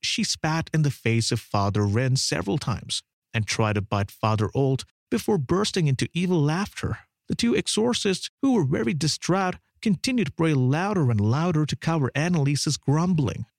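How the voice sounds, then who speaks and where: A man giving a dramatic documentary narration in an expressive, swooping delivery. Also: on the high side, moderate pace, creaky, hardly any pauses, no echo, clean studio sound.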